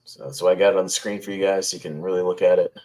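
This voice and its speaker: A man's voice: low voice, steady tone, racing, dark tone, low-quality recording. A man hosting a horror trivia game, reading each clue twice and counting down. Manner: reads each clue twice, laughs easily. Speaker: quiz host.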